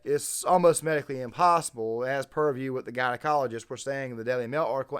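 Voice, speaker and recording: A man's voice: medium pitch, a bit bright. A man hosting a reaction commentary, talking emphatically and wordily and repeating his phrases. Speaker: channel host.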